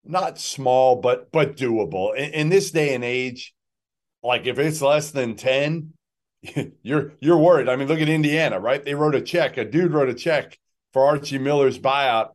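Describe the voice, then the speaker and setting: A man on a sports podcast giving blunt, matter-of-fact analysis, often trailing off quietly. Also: mid-range voice, unhurried. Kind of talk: casual sports chat.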